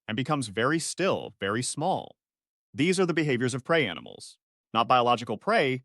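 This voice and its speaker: A man narrating a first-person sci-fi story in short, clipped, analytical sentences. His pitch moves around a lot from phrase to phrase, and the recording is dry and close with no room sound. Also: a bit bright, no echo.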